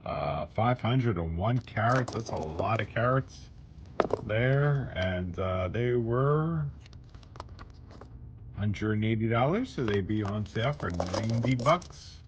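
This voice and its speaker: Filming on a handheld camera, a man who owns a bead shop rambles and jokes through this week's specials, speaking slowly and expressively in a low voice. The lo-fi sound is noisy, with loud music playing behind him.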